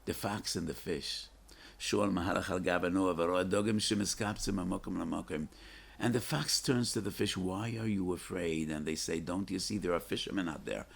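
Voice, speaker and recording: A deep-voiced older man gives a Torah talk as a rabbi. His voice is husky and worn, and he tells stories with fervor. He leans into sudden emphatic rises and lets dramatic pauses hang. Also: fairly even intonation.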